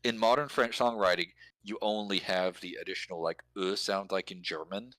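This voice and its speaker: A man with a very low voice explains points at length, pausing on fillers as he thinks aloud. His tone is bright and forceful, and the sound is dry and close, with no room echo. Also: steady tone. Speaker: lyric and language helper. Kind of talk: casual explanatory chat.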